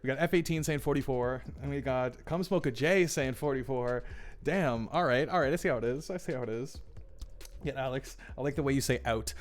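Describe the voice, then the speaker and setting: Chatty, excitable male stream host. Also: medium pitch, a little fast. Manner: chatty, excitable, repeats phrases. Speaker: livestream host running a tournament draw. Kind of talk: live-stream commentary reading chat.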